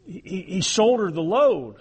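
A man's voice: high-pitched, sing-song, unhurried, husky, big-room sound. A man preaching a sermon as a pastor, talking earnestly, often restarting sentences and checking in with "okay" and "all right". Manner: earnest, repeats words when starting sentences, frequent okay and all right.

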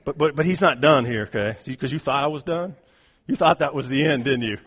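A man preaching a sermon, his voice swinging from hushed asides to shouting, often repeating words as he restarts his phrases. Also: mid-range voice, a little fast, slightly rough. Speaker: pastor.

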